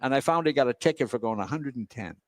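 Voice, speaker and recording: A man's voice: medium pitch, fast talker, no room sound. A man in his seventies from Massachusetts, telling a car story in a casual chat and acting out voices and engine sounds. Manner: animated, acts out voices and engine noises.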